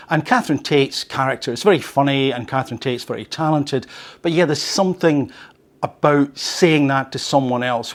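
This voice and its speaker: A man hosting a learning show reads an article aloud at a medium pitch. He breaks off into lively, conversational asides. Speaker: podcast host teaching English. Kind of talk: reading an article aloud with commentary.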